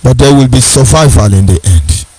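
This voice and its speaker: A man's voice: medium pitch, animated, normal speed, dark tone, husky, dry recording, rough recording. A Nigerian man giving an impassioned speech, stressing his points by repeating questions and phrases. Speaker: speaker.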